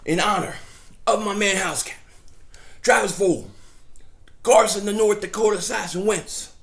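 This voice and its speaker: A middle-aged man talking casually outdoors as a fan vlogger, rambling and animated as he tells stories and mocks people. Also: high-pitched, moderate pace, vocal fry. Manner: rambling, animated storytelling with mocking impressions. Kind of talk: casual outdoor vlog rant.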